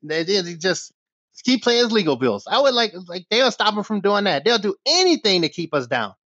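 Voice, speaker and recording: A man's voice: high-pitched, very animated, normal speed, a bit bright, dry recording. Angry profane American man ranting. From United States. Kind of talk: ranting vlog monologue. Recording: dull lo-fi dry recording.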